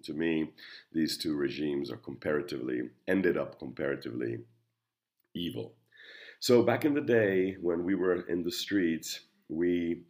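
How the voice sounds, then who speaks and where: Very deep-voiced Czech man, earnest. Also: darkish tone. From Czech Republic. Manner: earnest, halting, with frequent restarts. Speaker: lecturer and commentator. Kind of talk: reflective spoken commentary.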